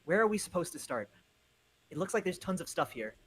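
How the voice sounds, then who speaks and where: A man's voice: high-pitched, sing-song, fairly quick, slightly rough. A man co-hosting a game stream over a voice call, reading lines with exasperated energy and laughing easily. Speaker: co-host reading game dialogue. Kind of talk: casual live-stream play-through. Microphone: headset over voice call.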